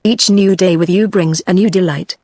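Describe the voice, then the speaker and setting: A woman's voice: fairly low pitch, fairly even intonation, normal speed, a little mellow, dry recording. A synthetic British woman reading a cruel warlord. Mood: taunting. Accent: British English. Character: cruel, mocking male warlord captor.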